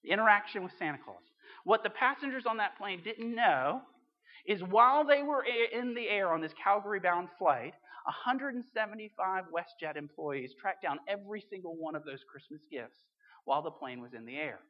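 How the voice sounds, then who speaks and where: A pastor preaching a sermon in a conversational way, with emphatic swings between loud and quiet. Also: male voice, high-pitched, animated, moderate pace. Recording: dull sound with long hall reverb.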